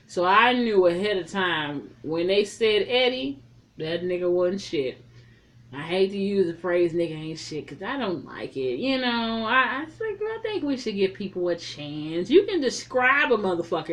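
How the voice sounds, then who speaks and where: A woman giving a casual, chatty spoken recap of a film. She retells the scenes in an animated way and swears freely. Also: medium pitch, measured pace. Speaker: film reviewer.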